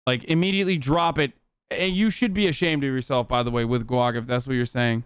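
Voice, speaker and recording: A man's voice: mid-range voice, fairly even intonation, a little fast, smooth, no echo. A man streaming live, reacting to a video with rambling, profane, emphatic commentary.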